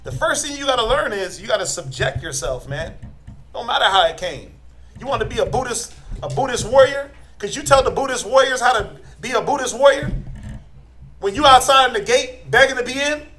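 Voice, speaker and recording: Blunt high-voiced man preaching. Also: animated, brisk, bright, forceful tone, slight background noise, poor audio. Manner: blunt, challenging, rhetorical questions. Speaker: religious teacher. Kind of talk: informal preaching to a group.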